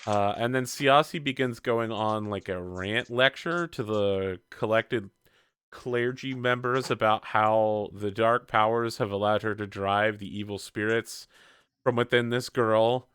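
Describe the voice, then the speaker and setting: Smooth-voiced young male game master. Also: fairly low pitch, measured pace, no room sound, clean studio sound. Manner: relaxed, explains rules with frequent laughs. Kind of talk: narrating a tabletop game.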